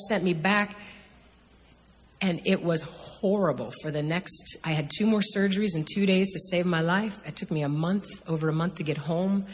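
A woman's voice: medium pitch, a little hiss or hum. Earnest American woman in reverb. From United States. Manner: earnest, halting, emotional storytelling. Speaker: testimony speaker. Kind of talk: personal testimony. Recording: long hall reverb, faint ambience.

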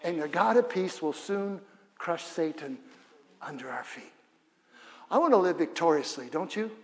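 High-voiced preaching man, reverberant church. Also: moderate pace. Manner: energetic call-and-response preaching with humor. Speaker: pastor. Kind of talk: sermon. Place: church sanctuary. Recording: long reverb of a church hall.

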